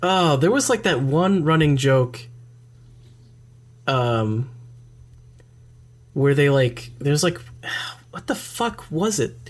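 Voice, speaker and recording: A man's voice: a little high, expressive, slow, pauses often. A man co-hosting a podcast in casual chat, making dry jokes and swearing casually. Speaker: podcast co-host.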